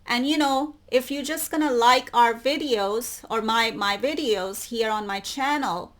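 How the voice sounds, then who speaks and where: At a measured pace, a woman with a slightly high, somewhat bright voice runs her YouTube channel. She reads articles from the web and comments, repeating key words for emphasis.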